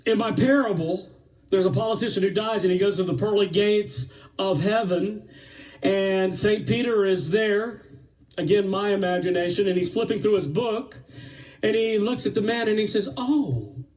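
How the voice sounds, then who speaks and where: A man telling a parable live with an animated, playful delivery and asides to the audience. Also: high voice, normal speed, distant mic, poor audio. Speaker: storyteller.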